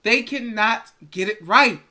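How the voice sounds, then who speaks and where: Bright-voiced guy ranting on his live stream, fed up, says stuff twice. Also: high-pitched, a little slow. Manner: exasperated, repeats phrases for emphasis. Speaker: sports livestream host. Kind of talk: live-streamed sports rant.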